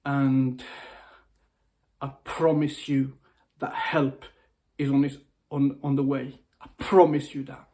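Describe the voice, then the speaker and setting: Slow and flat in delivery, a warm, medium-pitched male voice carries an emotional video message from a motivational speaker. He is upset and nearly crying, pleading, repeating himself and restarting what he says.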